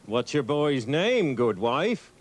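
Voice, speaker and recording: A reader voicing a grave sailor who speaks in slow, hushed tones, in a dramatic poetry recitation, set a little back from the mic. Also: mid-range voice, very animated, pitched below the performer's own voice. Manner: solemn, hushed. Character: grave old sailor bringing bad news.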